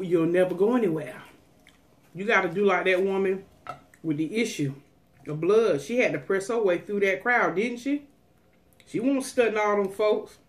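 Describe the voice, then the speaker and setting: Folksy preachy woman vlogger. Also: mid-range voice. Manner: folksy, preachy, calls out to viewers. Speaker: food vlogger. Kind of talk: casual mukbang chat with preachy pep talk.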